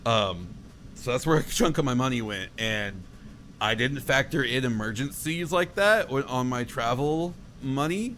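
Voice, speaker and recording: A young man telling a road-trip story on a podcast, swearing a lot and acting out his own shouts. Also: medium pitch, unhurried, slight background noise. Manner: profane, animated, acts out his own shouts. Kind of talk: casual storytelling chat.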